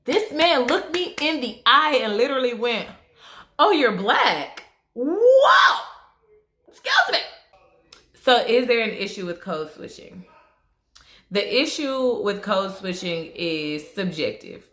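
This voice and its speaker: A woman's voice: expressive, measured pace, a bit bright, roomy sound. A young woman with a Southern country twang, talking candidly and casually in a get-ready-with-me vlog. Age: young adult. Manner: candid, conversational, shifts into higher voice for quoted business tone. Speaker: vlogger.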